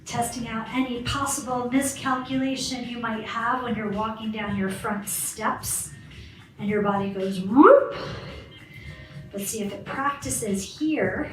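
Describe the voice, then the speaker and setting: Upbeat woman leading a balance class. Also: mid-range voice. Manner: encouraging, counts reps and cues moves. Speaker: fitness instructor. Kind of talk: guided balance exercise class. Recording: roomy, far from the mic, faint background hiss.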